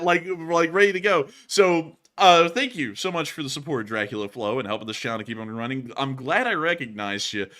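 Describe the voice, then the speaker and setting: Excitable man hosting a live stream. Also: a little high. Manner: excitable, laughs often. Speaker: host. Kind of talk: casual livestream chat.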